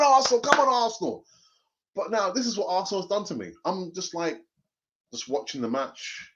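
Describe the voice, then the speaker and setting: Lively guy chatting on a fan stream, voice bouncing all over, kinda muffled lo-fi audio. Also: on the high side. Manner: animated, jokey, laughs often, repeats phrases. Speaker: fan channel host reading live chat. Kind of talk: casual live-stream chat. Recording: dull lo-fi sound.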